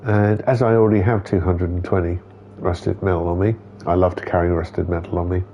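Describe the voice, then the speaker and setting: A man's voice: low-pitched, steady tone, a little fast, highs cut off, slight background noise. A man streaming a game, chatting casually, talking to the characters and reading their dialogue aloud. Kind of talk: casual gameplay commentary.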